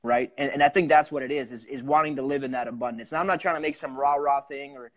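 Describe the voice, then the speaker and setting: A man talking in a casual interview, energetic and upbeat, with a raised excited tone. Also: mid-range voice, fast. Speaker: wholesaler and coaching student.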